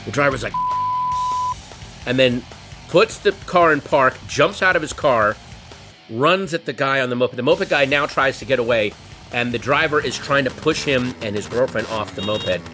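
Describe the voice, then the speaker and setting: A man telling a comic story in an animated, wry way, building tension. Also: medium pitch, moderate pace. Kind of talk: comedic storytelling. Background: guitar music.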